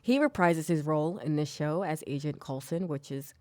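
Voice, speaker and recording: Brief: woman podcast host, low voice, chatty and rambling, dry close sound. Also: normal speed, mellow, no echo. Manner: chatty, rambling, with restarts and giggles. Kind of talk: casual solo podcast recommendations.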